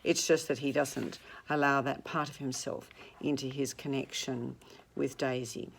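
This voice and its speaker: Low-voiced female teacher, reads and unpacks a classic novel, chatty asides. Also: steady tone, unhurried, creaky, slight background noise. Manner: conversational, explanatory asides. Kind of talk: reading and commenting on a novel.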